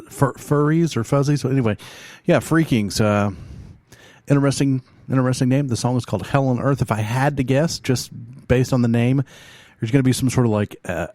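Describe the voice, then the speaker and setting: A man hosts a music show from a studio, rambling and joking through his thoughts with plenty of ums and restarts. His voice sits at an ordinary middle pitch. The sound is close and dry, with no room around it. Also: a little fast, warm tone, no room sound. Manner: meandering, jokey, many fillers and restarts. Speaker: radio show host reviewing bands. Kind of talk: casual rambling chat. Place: studio, alone.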